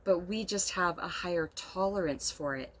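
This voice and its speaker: A middle-aged woman telling a personal story in a casual vlog monologue, speaking softly and emotionally and rambling with frequent laughs. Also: lowish voice, normal speed. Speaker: vlogger. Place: inside a camper.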